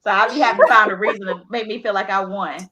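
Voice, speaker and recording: A woman's voice: mid-range voice, fairly even intonation, fast. Teasing woman guest on a noisy call. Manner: teasing, playful trash talk. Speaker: guest author. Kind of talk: casual joking chat.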